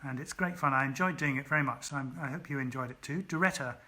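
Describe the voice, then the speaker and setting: The man speaks at a quick pace in a medium-pitched, bright, forceful voice. He's an author streaming from home in lockdown, reading his story aloud before chatting with viewers, full of ums and thanking them by name.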